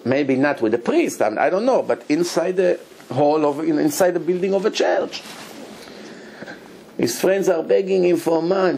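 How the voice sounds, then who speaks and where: Male Torah teacher, gravelly voice, slightly high, lively storytelling, faint hiss behind. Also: moderate pace. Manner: animated storyteller, acts out dialogue, laughs often. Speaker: rabbi teaching a Torah class.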